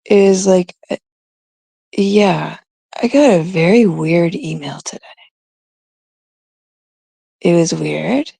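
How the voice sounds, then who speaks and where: A woman from Canada chats on her own stream at an unhurried pace. Her voice has a gravelly fry and a husky edge. She rambles in a gossipy, confiding way over a dry, close sound. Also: lowish voice, mellow, dry recording. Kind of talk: casual livestream chat.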